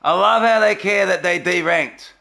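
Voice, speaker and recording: A man's voice: high-pitched, normal speed, bright, forceful tone. A man hosting his gaming channel, giving sarcastic, mocking gameplay commentary and laughing often.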